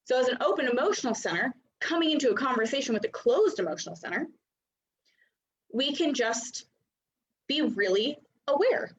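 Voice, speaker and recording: A high-pitched woman teaches in a loose, chatty way, sprinkling in filler likes and playful acted-out voices. The recording sounds dull and lo-fi. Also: expressive, moderate pace. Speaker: human design coach. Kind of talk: casual teaching talk.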